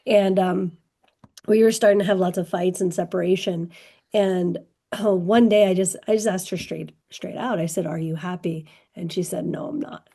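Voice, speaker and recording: A woman hosting a casual podcast conversation, speaking candidly with thoughtful pauses. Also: lowish voice, steady tone, warm tone.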